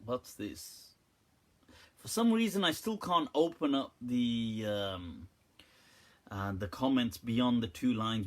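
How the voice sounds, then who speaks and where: A man at a medium pitch talks through an informal question-and-answer session as a religious teacher. He tells his stories loosely and often breaks into laughter, quoting lines of poetry as he goes. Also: animated, slow. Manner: anecdotal, laughs often, quotes Urdu poetry. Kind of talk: informal Q&A talk.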